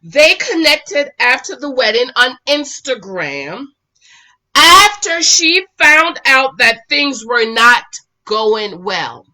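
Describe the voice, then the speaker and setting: A woman giving casual recap commentary on a reality show, sassy and animated, scolding the people on screen and swinging between loud outbursts and quiet asides. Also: high voice, takes it slowly. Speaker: reality TV reviewer.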